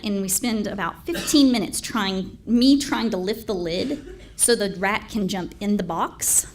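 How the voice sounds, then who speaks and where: A woman telling a funny story at a storytelling contest, laughing between lines and swearing freely. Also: medium pitch. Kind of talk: live competitive storytelling.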